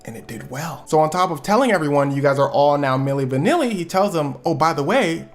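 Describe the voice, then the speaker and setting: Man from the US for a comedic story recap channel, lively and slangy, hops into voices for the people he quotes, faint backing music. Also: on the high side, quick pace. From United States. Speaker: YouTube storyteller and reviewer.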